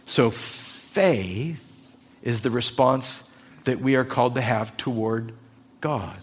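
Male preacher, sermon delivery, unhurried and emphatic, leans on rhetorical questions. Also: medium pitch, slightly rough.

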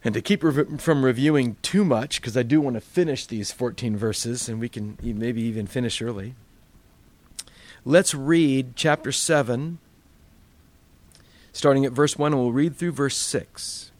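A man's voice: mid-range voice, unhurried, a little mellow, no room sound. A male pastor teaching a Bible study in a conversational sermon style, full of rhetorical questions.

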